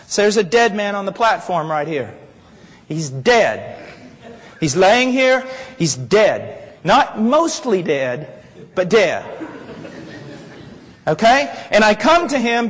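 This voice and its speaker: A man preaching a sermon, animated and rising to shouts as he acts out scenes. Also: high voice. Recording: long reverb of a large hall.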